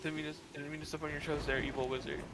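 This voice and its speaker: A man's voice: on the high side, little pitch movement, very fast, heavy background noise. A man streaming a video game, chatting casually, joking, laughing often and swearing freely. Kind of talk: casual gaming chat.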